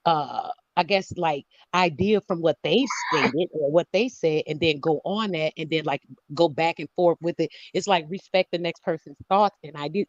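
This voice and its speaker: High-voiced man in earnest casual chat. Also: no room sound. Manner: earnest, explains at length, occasional swearing. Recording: dry, dull lo-fi audio.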